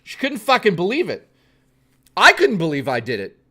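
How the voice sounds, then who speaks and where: A man's voice: sits high, huge pitch swings, normal speed, pushed and bright. A male streamer telling a story to his live chat in a blunt, profane, chatty way, speaking straight to his viewers.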